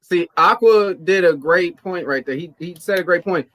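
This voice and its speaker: A man hosting a casual podcast, relaxed and repeating himself to stress a point. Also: high-pitched, moderate pace, no room sound. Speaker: podcast host.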